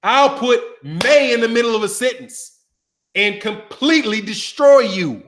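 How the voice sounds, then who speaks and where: High-pitched man, boxing commentator, animated trash-talking rant. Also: measured pace. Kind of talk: casual rant to camera.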